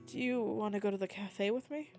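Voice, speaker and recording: A woman voicing a timid young woman shopkeeper who speaks in a soft, hesitant murmur and stammers. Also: medium pitch, brisk, faint music behind, close to an everyday voice. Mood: flustered.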